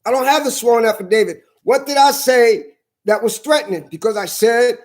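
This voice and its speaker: Man, very high voice, angry, profane, repetitive, hammering emphasis. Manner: slow hammering emphasis on key words. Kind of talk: heated monologue to camera.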